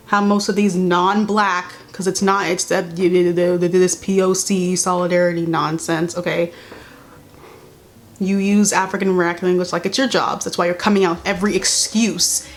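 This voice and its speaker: Casting note: young woman vlogger, blunt and sarcastic, exasperated commentary, mid pitch. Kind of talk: casual commentary vlog while doing makeup.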